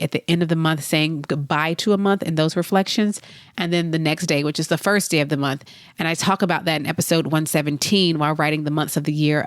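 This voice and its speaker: A woman's voice: low voice, dry recording, studio quality. A woman hosting a solo podcast, talking in an earnest, reflective, conversational way, a little congested. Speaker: podcast host.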